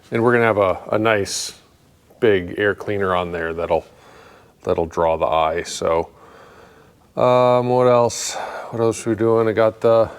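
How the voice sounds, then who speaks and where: A man's voice: on the low side, long reverb tail. A man walking through his progress on a customer's truck in his workshop, thinking aloud with lots of fillers and dry, self-mocking jokes. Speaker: mechanic working on a customer's truck. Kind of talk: casual workshop walkthrough.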